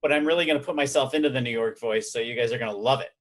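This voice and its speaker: A man hosts a casual podcast chat and tells rambling stories, slipping in jokes as he goes. His voice has an ordinary, middle-of-the-road pitch. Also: very fast. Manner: rambling, joking storyteller. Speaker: podcast host and editor.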